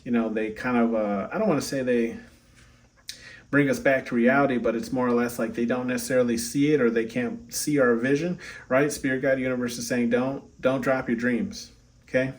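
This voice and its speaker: A man's voice: medium pitch, steady tone, moderate pace, recorded from a distance. A man giving a casual oracle card reading, chatty, peppering his talk with "right?" and "okay?". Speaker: tarot reader.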